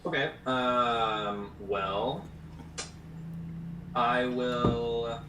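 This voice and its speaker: A man's voice: medium pitch, steady tone, very slow, heavy background noise. Chatty man playing a tabletop game. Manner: chatty, rambling, many fillers. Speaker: player. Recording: echoey room, far from the mic.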